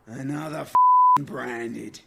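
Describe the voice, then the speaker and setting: A man voicing a gruff, stern male warrior in a video game, gravelly and curt. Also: medium pitch, heavy background noise, full character voice.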